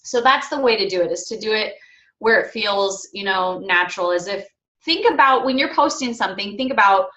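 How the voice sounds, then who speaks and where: Brief: woman team coach, bright and forceful tone, chatty, echoey room. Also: mid-range voice, brisk. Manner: chatty, with fillers and playful mock quotes. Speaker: coach leading a team call. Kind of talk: casual coaching talk.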